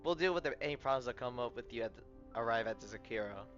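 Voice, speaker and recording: A man's voice: mid-range voice, lively intonation, fast talker, close to an everyday voice. A man reading as a poised, courteous café manager. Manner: polite and composed, reading text aloud with small stumbles. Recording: slightly muffled, soft game music behind.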